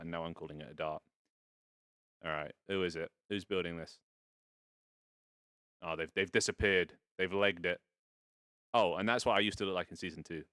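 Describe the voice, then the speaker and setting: Low voiced guy streaming in vr, rambly and jokey, bit of swearing, punchy tone. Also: fairly bright tone, clean tone, dry recording, clean studio sound. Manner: rambling and playful, swears casually. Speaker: VR streamer hosting a fashion show. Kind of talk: casual live-stream chat. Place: indoors in a home VR setup.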